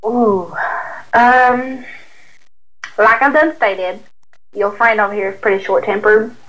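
A young woman, co-hosting a casual chat, blunt and quick to swear. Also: mid-range voice, fairly bright tone, poor audio. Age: early 20s. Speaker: podcast co-host.

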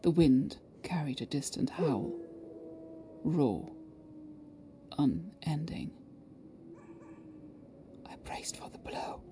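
A woman narrating an erotic story in a slow, breathy way, often sinking into hushed whispers. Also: deep voice, expressive, rough recording. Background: background music.

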